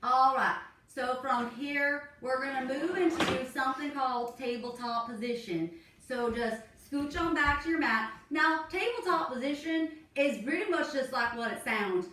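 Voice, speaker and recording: A woman's voice: high-pitched, unhurried, hardly any pauses, bright, forceful tone, a little hiss or hum. A woman leading a joking yoga class in a goofy, laid-back way. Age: 40s. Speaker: yoga instructor. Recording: echoey room, mic far off.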